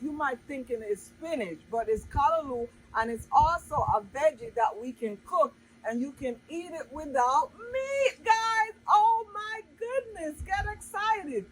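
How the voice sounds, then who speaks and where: A bright, high-pitched woman hosts her own cooking vlog. She talks in a bubbly, exclaiming way, circling back to the same cheerful catchphrases again and again. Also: lively intonation, moderate pace, husky, poor audio. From Jamaica. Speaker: cooking channel host.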